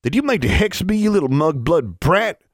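A man's voice: fairly low pitch, brisk, darkish tone, no room sound, clean studio sound, voice pushed up, natural voice. A man voicing an arrogant, sneering older teen boy who talks in old-fashioned backwoods speech. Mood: furious.

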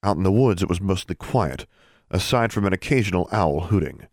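A man narrating a fantasy story as an audiobook, steady storytelling with expressive dialogue. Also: low-pitched, fairly quick, no room sound, clean studio sound.

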